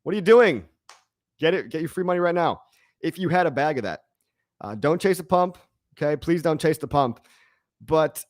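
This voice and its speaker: A man's voice: medium pitch, no echo, clean studio sound. A man hosting a casual crypto live stream, reading chat comments and rambling with jokes and the odd swear word.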